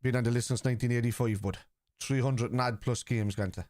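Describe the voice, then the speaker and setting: A man's voice: medium pitch, steady tone, quick pace, darkish tone. This is a middle-aged man hosting a live football watchalong. His voice sits in a middle range, and he reads out viewer comments before firing back bluntly at anyone who doubts him. The recording is dry and close, with no room echo. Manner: blunt, combative with chat, reads comments aloud. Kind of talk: casual live-stream chat.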